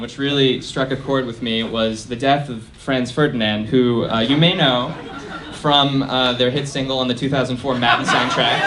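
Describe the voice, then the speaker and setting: A young man doing a stand-up set at a college venue, deadpan and self-deprecating, with lots of fillers. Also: mid-range voice, noisy background. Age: young adult. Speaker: stand-up comedian. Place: college performance space.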